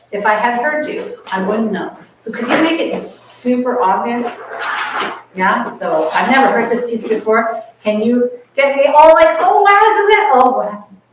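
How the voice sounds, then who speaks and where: A woman's voice: on the high side, slight background noise. A woman coaching a chamber ensemble, encouraging and singing musical phrases on nonsense syllables. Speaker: masterclass coach. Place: large echoey rehearsal room. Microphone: far camera mic. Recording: very echoey room, distant mic.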